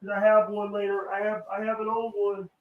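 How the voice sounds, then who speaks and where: A man chatting on a livestream, out of breath, halting and repeating his words. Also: high-pitched, completely flat delivery. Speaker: livestream guest. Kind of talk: casual livestream chat. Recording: roomy, distant and dull.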